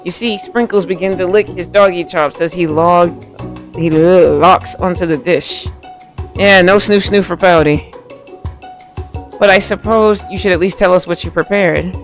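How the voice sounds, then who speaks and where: A man's voice: sits high, a little slow, faint music behind. A man casually commenting on a game playthrough, reading the on-screen text aloud and cracking playful jokes. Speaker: game streamer.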